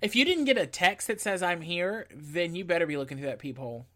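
A woman with a very low voice chimes in with wry jokes and quick reactions. Her delivery is casual and conversational. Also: lively intonation, fairly bright tone. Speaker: podcast co-host. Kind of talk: casual chat.

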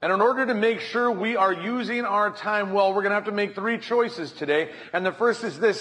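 A man with a high, light voice preaches a sermon on a church stage, his light coming through. He tells stories and slips into the voices of the people in them. He speaks into a stage microphone. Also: a little fast, few pauses, a bit bright. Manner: storytelling, acts out voices in anecdotes. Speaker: pastor.

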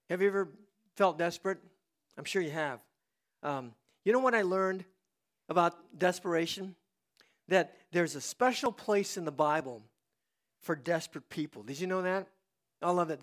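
An older man preaching a sermon as a pastor. His delivery is dramatic, moving from hushed confession to loud shouts. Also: high-pitched. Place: church.

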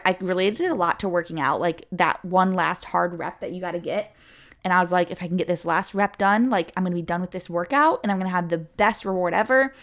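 Gravelly-voiced young woman telling a story. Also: lowish voice, fairly bright tone. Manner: candid and chatty, with fillers like "like" and quick emotional lifts. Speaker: podcast or vlog host sharing a birth story. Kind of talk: casual personal storytelling.

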